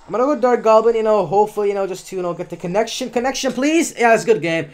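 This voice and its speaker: A man's voice: high-pitched, very fast. A man giving casual live commentary on his own gameplay, chatty and often correcting himself as he talks through each move.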